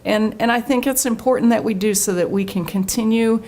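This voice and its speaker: A woman's voice: fairly high pitch, brisk. Earnest middle-aged woman telling stories. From Oklahoma. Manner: earnest, animated when quoting others. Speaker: guest, state official. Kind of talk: interview answers, storytelling.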